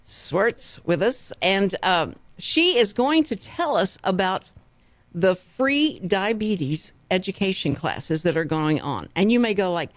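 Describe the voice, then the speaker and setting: Animated chatty Texan woman radio host. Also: mid-range voice, takes it slowly, dry recording. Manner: chatty, animated storytelling with laughs. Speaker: radio talk show host. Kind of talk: casual radio chat. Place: radio studio. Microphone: studio microphone.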